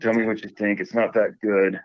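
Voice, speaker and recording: A man's voice: fairly low pitch, flat delivery, fairly quick, no echo. A man telling a story in a casual, rambling way, full of restarts, heard over a tinny line. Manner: rambling, hesitant, with many restarts.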